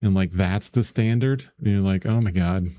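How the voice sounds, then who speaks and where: A middle-aged man teaching painting in a casual live lesson, rambling, chatty and quick to laugh while he chats with viewers. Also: sits low, mellow, no room sound, clean studio sound. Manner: rambling and chatty, laughs often, lots of fillers. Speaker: painting instructor.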